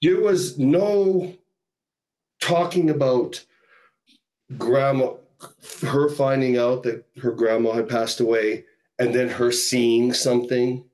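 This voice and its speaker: A man's voice: mid-range voice, fairly even intonation, slow, a little mellow. A man from Canada, a podcast guest, telling a story in a rambling, casual way full of "like" and "you know".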